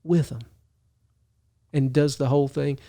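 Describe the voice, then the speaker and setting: A man hosting a video who tells a story in casual talk, animated, chuckling often and restarting his sentences. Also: mid-range voice, unhurried, creaky. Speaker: video host.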